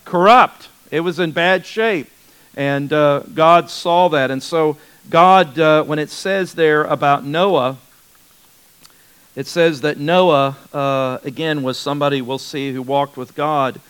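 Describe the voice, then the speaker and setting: A man's voice: on the high side, fairly even intonation, slow pace, a bit bright, smooth, rough recording. Man teaching a Bible study. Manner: conversational, repeats words for emphasis, frequent restarts.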